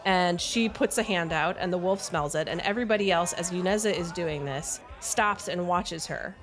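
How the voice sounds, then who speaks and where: A woman running a tabletop game as game master, narrating scenes in a vivid, steady way. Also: lowish voice, normal speed, a crowd in the background.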